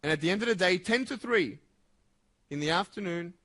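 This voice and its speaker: A man delivering a motivational speech at a school assembly, emphatic and swinging from loud bursts to hushed intensity. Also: high voice, lively intonation, a little fast. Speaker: motivational speaker.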